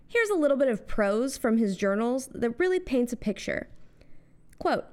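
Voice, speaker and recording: A young woman with an American accent delivers a scripted comic monologue in a high, bright-toned voice. She lands sarcastic asides with punchy timing, swinging her tone up and down for effect. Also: animated, normal speed. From United States. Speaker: host.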